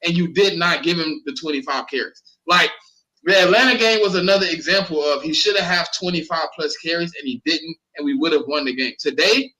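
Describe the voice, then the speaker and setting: Animated, bright-voiced man ranting about football. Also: fairly high pitch, a little fast, low-quality recording. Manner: animated, profane, repeats words when heated. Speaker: co-host. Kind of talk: casual sports talk.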